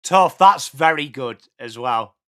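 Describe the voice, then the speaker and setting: A man's voice: medium pitch, expressive, takes it slowly, pushed and bright. A young English man hosting a live football watchalong, calling the play while chatting with viewers. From England. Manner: chatty, mixes play calls with replies to chat. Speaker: watchalong host. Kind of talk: live sports watchalong chat.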